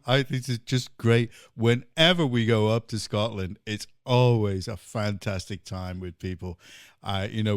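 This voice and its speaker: A man's voice: on the low side, clear, resonant tone, no room sound, clean studio sound. An English man hosting a podcast, chatting in a jokey way and laughing often. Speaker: podcast host. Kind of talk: casual podcast chat.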